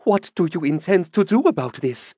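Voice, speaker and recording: A man's voice: high-pitched, animated, moderate pace, dark tone, no echo, dull audio, pitched above the performer's own voice. A man voicing a scheming young woman in an audiobook, shrieking and demanding with feigned distress. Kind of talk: audiobook character voice.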